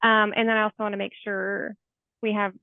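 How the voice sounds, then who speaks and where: A woman's voice: mid-range voice, little pitch movement, brisk, no echo. A therapist in her forties, a woman, speaking as an interview guest in an earnest, heartfelt way, with many "like" fillers. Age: 40s. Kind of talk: conversational interview storytelling. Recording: tinny phone-like remote call audio.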